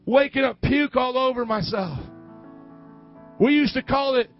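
A male pastor preaching a sermon, calling for amens and dropping from hushed lines to loud bursts. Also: very high voice, a little slow. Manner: call-and-response preaching, swings from hushed to loud. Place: church service. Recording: dull lo-fi church recording with faint music.

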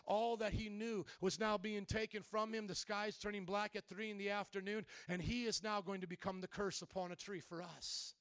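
A man's voice: high voice, steady tone, moderate pace, few pauses, fairly bright tone, clean tone, no echo, clean studio sound. A man preaching a sermon as pastor, impassioned, often asking the congregation questions.

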